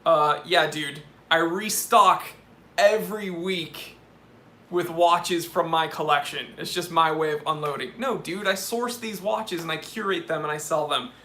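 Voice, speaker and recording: A man's voice: fairly high pitch, measured pace, pushed and bright, roomy sound. A young man hosting a casual live stream, answering chat questions in a chummy, laid-back way and calling people "dude". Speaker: watch channel host answering live chat.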